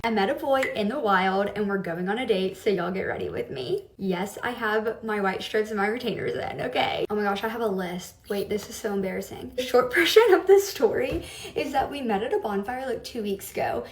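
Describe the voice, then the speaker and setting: A woman's voice: mid-range voice, brisk, recorded from a distance. Bubbly young woman vlogger, confiding chat, roomy echoey sound. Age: young adult. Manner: bubbly, confiding, laughs between words. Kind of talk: casual get-ready-with-me chat. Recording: roomy echo.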